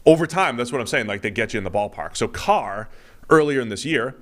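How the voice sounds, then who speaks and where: A man's voice: medium pitch, expressive, brisk. A man co-hosting a casual sports podcast, rambling and mimicking hesitant noises to make a point. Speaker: podcast co-host.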